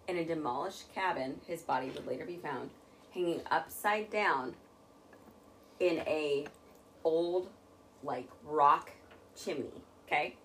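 A woman's voice: low-pitched, slight background noise. A young woman in her twenties, co-hosting a podcast, telling a true crime story in loose, laughing casual chat with plenty of swearing.

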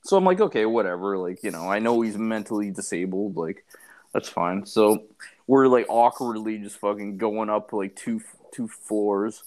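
A man's voice: on the low side, steady tone, moderate pace, a little mellow. Male podcast co-host, casual filler-heavy storyteller.

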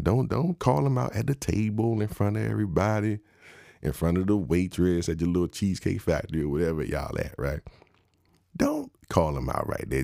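A young man, giving a wry, mock-instructive comedic rant that jumps high in pitch for emphasis. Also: gravelly, dark tone, dry recording, studio quality.

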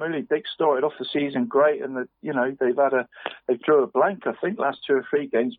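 Over a dry, tinny, phone-like line, a man with a medium-pitched voice chats his way through the weekend's football results. It's a casual radio sports round-up, and the presenter rambles, dropping "mate" into nearly every remark.

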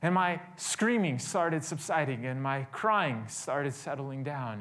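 Animated man preaching with stories. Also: mid-range voice, takes it slowly. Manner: animated, swings from loud to hushed. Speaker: pastor. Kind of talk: storytelling sermon.

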